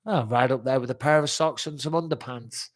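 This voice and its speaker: A man's voice: medium pitch, a little fast. A man in his forties hosting a live fan chat, reading out fan questions and answering in a blunt, chatty way, swearing freely and sounding like he's getting over a cold. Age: 40s. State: recovering from a cold-like illness.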